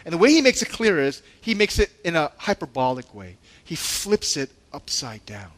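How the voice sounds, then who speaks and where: A man preaching from the pulpit with a fairly high, very lively voice that climbs and drops a lot. He chats with the congregation, laughs at his own asides and puts on indignant voices for the disciples. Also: normal speed. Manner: conversational and animated, with laughs and asides; acts out the disciples' lines in a raised, indignant voice. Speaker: pastor. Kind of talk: sermon.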